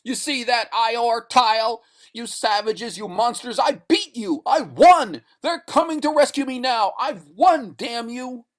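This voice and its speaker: A man's voice: a little slow, lightly acted. A man doing a frantic stranded castaway. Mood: triumphant. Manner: shouting, high strained pleading. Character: stranded desperate man, frantic, terrified of sleep.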